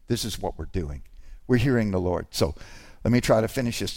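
A man preaching a sermon, animated and informal, with asides and restarts, rising to shouts on key lines. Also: fairly low pitch, moderate pace, vocal fry, slightly rough. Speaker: pastor.

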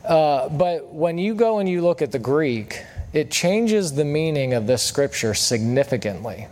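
A man with a slightly high voice preaches a sermon. He keeps it relaxed and conversational, stopping now and then to ask the congregation a question. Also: measured pace. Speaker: guest preacher. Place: church service.

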